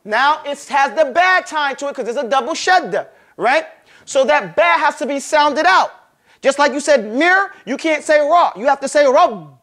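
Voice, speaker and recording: A man with a strikingly high voice leads a Quran recitation class. He talks casually, keeps checking that students follow, and demonstrates each sound by drawing it out slowly and repeating it. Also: expressive, bright, forceful tone. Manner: drills pronunciation, stretching sounds slowly and repeating them; casual, conversational teaching with frequent check-ins. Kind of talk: classroom lesson.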